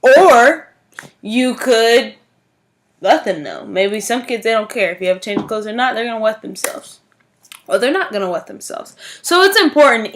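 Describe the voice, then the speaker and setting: A woman's voice: a little high, a bit bright. A woman teacher giving an informal informative speech, talking in a chatty way and repeating words for emphasis. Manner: frequent "like" and "um" fillers.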